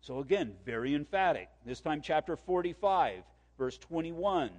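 Male pastor, slightly high voice, emphatic sermon and slow scripture reading, long hall reverb. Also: animated. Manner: emphatic, repeats key points, reads scripture slowly.

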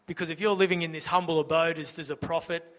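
A male pastor preaching in a relaxed, conversational way and asking rhetorical questions. His voice is high and bright. It carries a long church-hall reverb. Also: quick pace. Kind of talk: sermon.

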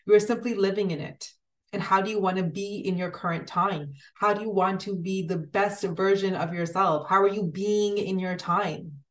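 A woman's voice: medium pitch, steady tone, normal speed. A woman giving an earnest, motivational spiritual talk, speaking directly to the listener in repeated phrases. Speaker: spiritual content creator.

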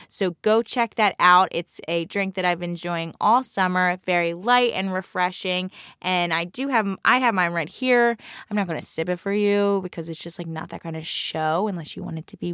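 Young South Jersey woman, podcast host and bartender, lower register, dry close sound, brash, bubbly, self-mocking. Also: a bit bright, dry recording. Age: young adult. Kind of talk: casual solo podcast chat.

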